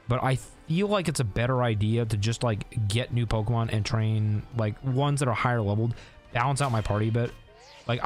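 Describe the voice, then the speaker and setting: A man streaming a video game, talking casually as he plays, thinking aloud and answering chat, often breaking into laughter. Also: medium pitch. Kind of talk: casual gameplay commentary.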